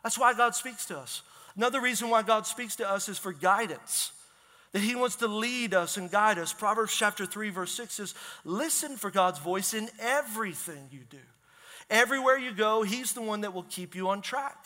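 A man preaching as a pastor in a church, energetic and conversational, asking the congregation questions. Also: high voice, moderate pace. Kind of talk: sermon. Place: church sanctuary. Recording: long hall reverb.

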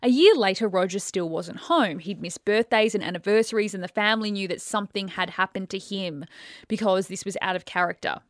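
A woman's voice: mid-range voice, a little fast, dry recording, studio quality. A woman co-hosting a podcast, telling a true-crime case in casual chat and now and then putting on a news-reader delivery. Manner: animated storyteller, slips into a crisp news-reader delivery. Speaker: podcast co-host.

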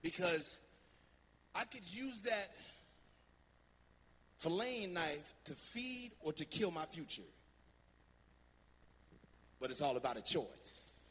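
A man from New Jersey preaching a sermon, telling a story in a lively, anecdotal way with many fillers. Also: on the high side, slow, pauses often, breathy edge, in a large hall. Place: church sanctuary.

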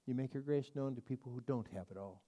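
A man leads a Bible class with a warm, mellow tone. He talks in a chatty, emphatic way, circling back and restarting his sentences as he teaches. His pitch sits in an ordinary middle range. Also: fast talker. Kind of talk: conversational Bible study lecture.

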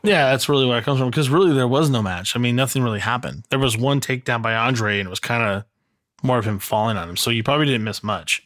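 A man's voice: mid-range voice, fast, fairly bright tone. A man co-hosting a casual podcast chat, recounting events with fillers and self-corrections. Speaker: podcast co-host.

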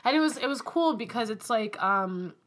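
A young woman co-hosting a podcast rambles in casual chat, leaning heavily on "like" and "um". Her voice is on the high side, expressive and a bit bright, at a moderate pace.

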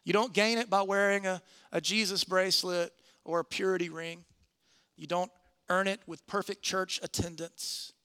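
A man preaching a sermon in church, earnest, slowing and softening on key phrases. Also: high voice, fairly even intonation, smooth.

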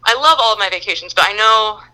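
A woman's voice: medium pitch, fast talker, sharp tone, poor audio. A woman guest in a casual chat, talking in an enthusiastic and playful way.

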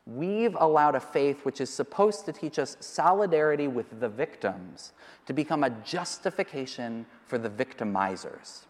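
Slow, measured male preacher in a hall. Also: fairly high pitch, a little mellow. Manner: measured, with slow emphatic repetitions. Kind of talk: sermon. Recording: long reverb of a large hall.

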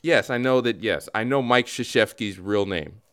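A man hosting a comedic podcast, talking in an animated, jokey way. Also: on the low side, moderate pace, smooth. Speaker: host.

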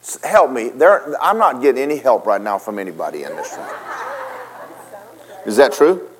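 Animated man preaching. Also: mid-range voice, normal speed, poor audio. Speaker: pastor. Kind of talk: sermon.

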